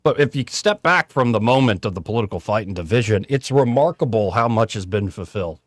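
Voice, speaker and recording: A man's voice: fairly low pitch, expressive, brisk, no room sound. A man hosting a talk radio show, chatting casually with rambling asides.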